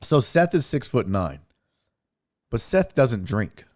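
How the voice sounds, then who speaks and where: A man's voice: mid-range voice, takes it slowly. A young man hosting his own show, telling road-trip stories in a casual, profane way and acting out what people said. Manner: profane, animated, acts out quotes. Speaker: podcast host. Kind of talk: casual storytelling.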